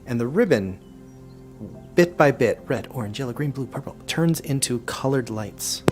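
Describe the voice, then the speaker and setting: A man's voice: medium pitch, animated, moderate pace, a little mellow, soft background music. A man running a tabletop game as game master, narrating casually with frequent restarts.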